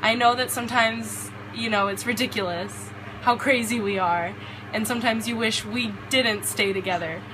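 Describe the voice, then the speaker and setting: A young woman speaks in a fairly high voice in a casual, giggly, self-conscious way. She records a chatty video message, with clear background noise and passing traffic behind her. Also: steady tone, normal speed. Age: young adult.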